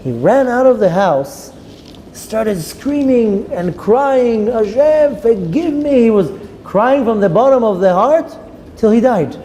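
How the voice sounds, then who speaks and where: A man's voice: sits high, lively intonation, takes it slowly, warm tone. A man who is a rabbi, teaching a Torah class by telling a story with dramatic voices for the people in it and Hebrew terms mixed in. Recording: long reverb with faint ambient noise.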